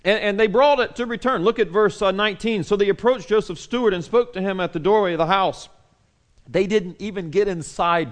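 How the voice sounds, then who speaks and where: Man, pastor, sermon, slightly higher voice, swings from loud to hushed. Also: fairly quick. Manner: animated, acts out quotes loudly then drops to soft hushed tones.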